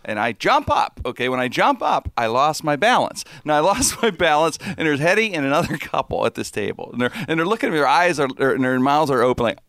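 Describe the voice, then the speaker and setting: A man's voice: on the high side, big pitch swings, quick pace, few pauses, a bit bright, no room sound. A man telling a rambling, self-deprecating story in casual chat, laughing as he goes.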